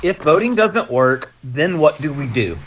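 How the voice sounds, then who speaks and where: A man with a fairly high, lively voice probing and agreeing in a political panel chat. His pitch swings freely. The call-in sounds dull and lo-fi. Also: unhurried, crowd noise.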